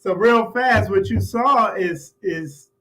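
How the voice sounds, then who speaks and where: High-voiced man hosting a casual monologue. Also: slow, fairly bright tone, low-quality recording. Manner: loose, chatty, with laughs and repeated filler phrases. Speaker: host.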